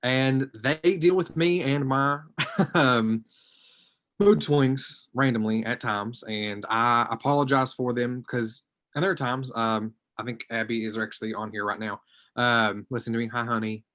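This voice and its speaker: A man speaking as a social work student on a panel, giving personal testimony in an online group discussion. He is hesitant and reflective, and his voice often trails off quietly. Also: medium pitch, steady tone, a little slow.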